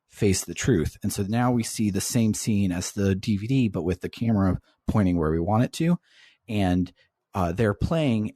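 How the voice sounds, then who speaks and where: A man's voice: fairly low pitch, a little mellow, no echo, clean studio sound. A man hosting a podcast, casually retelling a video game's story and swearing freely as he goes. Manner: swears casually while recounting the plot. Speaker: podcast host.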